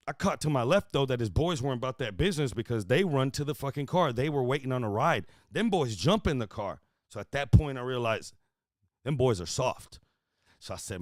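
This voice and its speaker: A man from Houston, hosting a podcast and telling a profane story in casual chat, swinging from loud bursts to hushed asides. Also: medium pitch, animated, a little fast, dry recording, clean studio sound. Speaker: podcast host.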